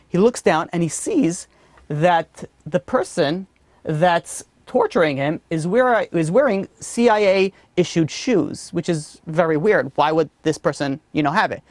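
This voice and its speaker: A man teaching a religious class, telling a story in a lively way with many "you know" asides. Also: on the high side, normal speed, no room sound. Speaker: rabbi teaching a weekly class.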